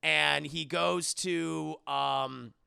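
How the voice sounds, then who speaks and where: A man's voice: on the high side, steady tone, drawn-out words, gravelly, sharp tone, clear, resonant tone, no echo, clean studio sound. A young man recapping a movie plot to his live chat in a rambling, profane way, acting out the characters with yelps and shrieks. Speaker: movie reviewer streaming live.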